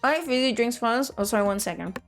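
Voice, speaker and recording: A fairly high-voiced woman in her thirties chats casually on a gaming stream. She reads viewer messages aloud and laughs often as she talks. Faint game music plays underneath. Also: animated, quick pace. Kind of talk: casual chat while gaming.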